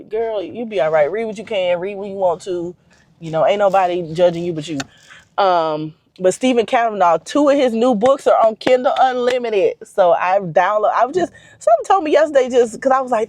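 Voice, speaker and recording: A woman's voice: lowish voice, a little mellow, a little hiss or hum. A woman vlogger with a stuffy nose, rambling in casual chat straight to her viewers.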